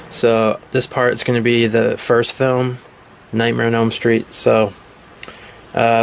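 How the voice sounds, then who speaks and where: A man retelling a movie's plot in a casual review, halting often with filler pauses. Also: fairly low pitch, slight background noise. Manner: hesitant, many filler pauses.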